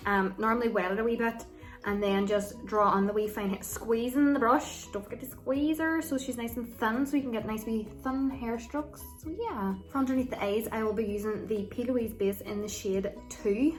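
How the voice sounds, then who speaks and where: A woman's voice: fairly high pitch, moderate pace, soft background music. A woman giving a casual, chatty makeup tutorial, with a loose way of talking and plenty of ums and likes. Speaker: makeup vlogger.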